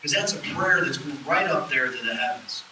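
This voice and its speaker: A man's voice: a little high, fairly quick. A man giving a live lecture to an audience, telling stories and acting out the voices he quotes. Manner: animated storyteller who acts out quoted voices. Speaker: lecturer on spirits and the afterlife. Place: lecture hall at a public event. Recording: roomy distant live-event recording with faint noise.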